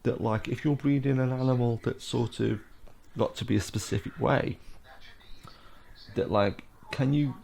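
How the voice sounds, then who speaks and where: A man's voice: mid-range voice, fairly even intonation, normal speed, creaky, pauses often, a little mellow, slight background noise. A middle-aged British man giving a casual solo film commentary, rambling with lots of fillers and asides. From United Kingdom.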